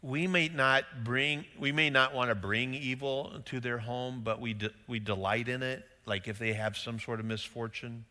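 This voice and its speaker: A man's voice: medium pitch, measured pace, sharp tone. Man preaching a conversational sermon in a reverberant hall. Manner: conversational, rhetorical questions, acts out quoted voices. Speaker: pastor. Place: church sanctuary.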